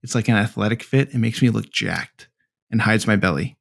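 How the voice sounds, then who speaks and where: A man's voice: fairly low pitch, brisk, creaky, fairly bright tone. A young man co-hosting a podcast in casual chat, laughing often and poking fun at himself. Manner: laughs often, self-mocking, acts out quoted voices. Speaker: podcast co-host.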